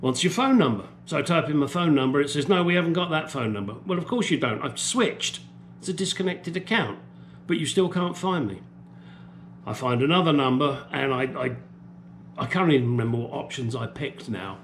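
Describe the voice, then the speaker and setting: A man's voice: mid-range voice, lively intonation, moderate pace, a little hiss or hum. A man from the UK delivering an angry, profane opinion rant as a vlogger.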